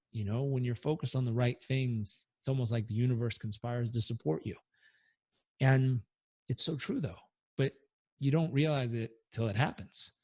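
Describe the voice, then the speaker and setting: A man's voice: medium pitch, darkish tone, no room sound. A man, a performance coach, answering interview questions earnestly and energetically, at times leading a breathing exercise aloud.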